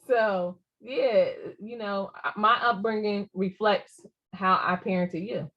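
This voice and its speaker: Animated mother chatting, lo-fi sound. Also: medium pitch, slow. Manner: animated, laughs often, playful mock threats. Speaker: podcast co-host, mother. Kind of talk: casual chat. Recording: slightly dull lo-fi audio.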